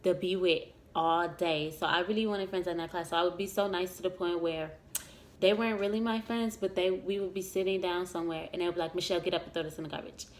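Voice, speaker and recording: A woman's voice: lowish voice, steady tone, a little fast, slight background noise. A young woman vlogger telling a story about herself in a casual, rambling way, with frequent restarts and fillers. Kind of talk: story time vlog.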